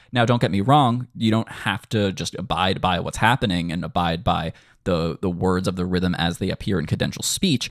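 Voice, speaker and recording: A man's voice: fairly low pitch, no room sound, studio quality. A man teaching songwriting in an online tutorial, enthusiastic and sounding out syllables to show word stress. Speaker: music composition teacher. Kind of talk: screen-share music tutorial.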